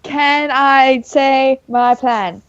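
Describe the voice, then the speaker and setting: A woman player eagerly laying out her plans at a tabletop game, halting now and then. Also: high voice, no room sound, lo-fi sound. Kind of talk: casual tabletop chat.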